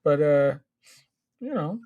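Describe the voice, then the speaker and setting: A man's voice: fairly high pitch, expressive, slow, narrow, tinny audio. A man speaking as a guest on a casual livestream chat, rambling and stumbling over his words.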